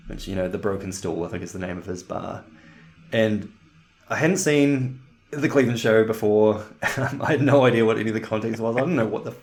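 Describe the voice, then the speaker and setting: A man's voice: fairly low pitch, a little fast, a little mellow. A man co-hosting a podcast in casual chat, rambling and laughing often. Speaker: podcast co-host.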